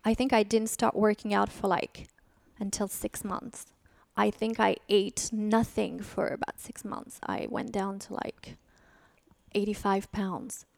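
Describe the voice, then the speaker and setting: A woman's voice: mid-range voice, level tone, unhurried, creaky, no echo. A woman speaking frankly and emotionally as a guest on an interview podcast. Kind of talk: candid interview conversation.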